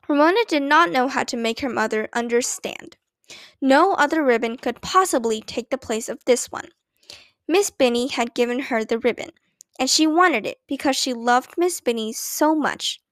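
A woman reading a children's story aloud with clear, expressive narration. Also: sits high, moderate pace, no echo. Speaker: audiobook narrator.

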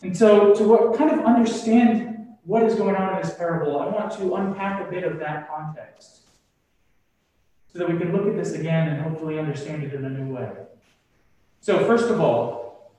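Man, sermon, slow deliberate delivery, fairly high voice, roomy echo, mic at a distance. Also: a little mellow. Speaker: preacher. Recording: echoey room from far off.

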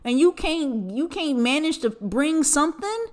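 A woman with a somewhat high-pitched voice holds forth on her own podcast in a loose, casual rant. She swears freely and leaps sharply up in pitch when something bothers her. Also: unhurried. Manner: animated, profane, swings in pitch for emphasis. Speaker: podcast host.

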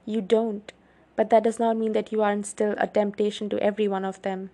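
A woman reading a story aloud, voicing a brooding young male vampire who is protective and grim, speaking low and even. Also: a little fast, lightly acted.

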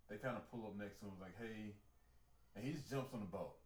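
A man co-hosting an audio podcast, chatting casually and jokingly about a movie in slangy, animated speech. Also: fairly low pitch, rapid-fire, echoey room. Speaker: podcast co-host.

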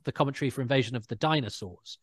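Man, casual anecdotes, average pitch, dead-dry mic. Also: very fast, husky, no room sound. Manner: anecdotal, imitates people in quotes. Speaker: guest. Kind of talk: casual chat.

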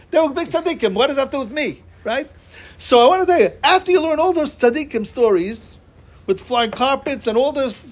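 A man giving a Torah class, talking animatedly and asking his listeners rhetorical questions. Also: very high-pitched. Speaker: Torah teacher.

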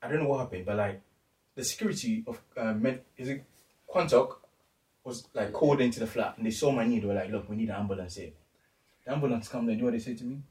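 A young man from the UK telling a story in casual chat, animated and acting out what people said. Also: medium pitch, quick pace. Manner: animated, acts out quotes, lots of slang fillers. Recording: roomy, distant mic.

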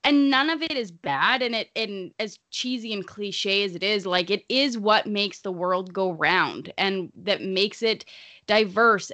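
A woman's voice: mid-range voice, bright, forceful tone, no echo. A woman hosting a casual podcast chat, talking in an earnest, rambling way with plenty of fillers. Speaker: podcast host.

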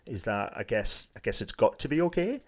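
A man's voice: medium pitch, very animated, a little fast. A man co-hosting a casual discussion, talking things through as a game master and playing devil's advocate with hypotheticals. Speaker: podcast co-host and game master.

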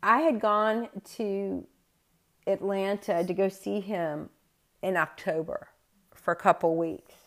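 A middle-aged woman telling a personal story in a chatty podcast style, correcting herself as she goes. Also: fairly low pitch. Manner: conversational, with self-corrections. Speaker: podcast host.

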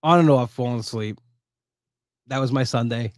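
A man's voice: medium pitch, moderate pace, dry recording, clean studio sound. Tired man rambling through a story. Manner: rambling storyteller with restarts, animated when quoting people. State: exhausted, low on energy. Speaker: podcast host. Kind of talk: casual solo podcast monologue.

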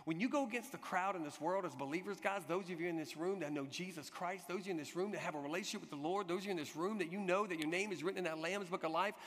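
A man preaching a sermon, telling an animated personal story and acting out the people in it. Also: high-pitched, very fast, few pauses. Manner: animated storytelling, shouts acted quotes. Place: church hall. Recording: long hall reverb.

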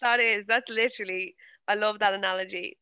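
A young Irish woman co-hosting a podcast, telling stories in an animated way, swearing and laughing a lot. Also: medium pitch, a little fast, smooth, no room sound, lo-fi sound. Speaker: podcast co-host. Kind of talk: casual chat.

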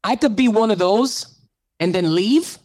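A man's voice: high voice, expressive, unhurried, a little mellow, no echo. A man hosting a radio show, telling his story in an interview with a preacherly lilt that builds to fervent calls. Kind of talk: animated testimony in an interview.

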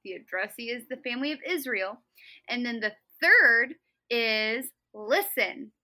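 A woman's voice: fairly high pitch, lively intonation, measured pace, sharp tone, rough recording. A young woman co-hosting a casual Bible study podcast, bubbly and giggly as she explains the text. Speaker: podcast co-host.

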